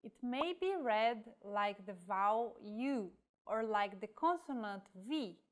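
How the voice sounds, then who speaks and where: A woman's voice: mid-range voice, animated, slow, clean tone. A woman teaching Portuguese in a scripted lesson, carefully saying example words aloud.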